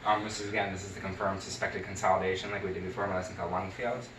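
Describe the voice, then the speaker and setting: Speaking very fast in a low-pitched, level, fairly bright voice, a male nursing student narrates a head-to-toe health assessment step by step. He uses many fillers and restarts, and the recording is roomy from a distant mic with a little hiss or hum.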